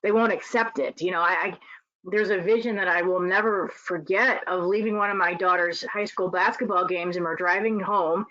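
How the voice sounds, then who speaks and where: A middle-aged woman who coaches, speaking earnestly in a casual webinar talk, often pausing to say um. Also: on the low side, steady tone, sharp tone, dry recording. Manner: earnest, with frequent ums and restarts. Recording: dry, muffled call audio.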